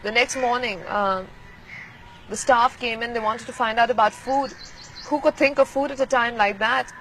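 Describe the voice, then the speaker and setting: A woman from Pakistan recalling events in an archival interview, speaking in a quiet, measured, reflective way. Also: on the high side, slight background noise, low-quality recording.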